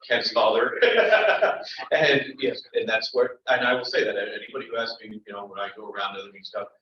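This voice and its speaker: A man's voice: lowish voice, moderate pace. A man who is a township supervisor, rambling through casual small talk. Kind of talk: casual chat. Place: township meeting room. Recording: roomy, distant, dull meeting-room audio.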